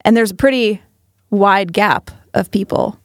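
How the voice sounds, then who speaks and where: A woman's voice: medium pitch, a little slow, dry recording, clean studio sound. Blunt sarcastic woman podcast host. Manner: blunt, sarcastic, swears casually. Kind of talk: casual chat.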